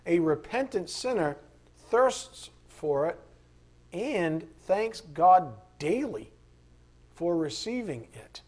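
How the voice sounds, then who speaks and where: High-voiced man teaching scripture. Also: a little mellow. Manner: earnest, reads passages aloud with casual asides. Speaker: Bible study teacher. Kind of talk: conversational Bible teaching.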